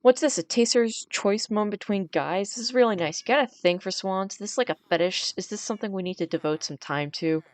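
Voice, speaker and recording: A woman's voice: medium pitch, brisk, hardly any pauses, dry recording, lightly acted. A woman reading the lines of a sarcastic, troubled young man in a dry, mocking delivery.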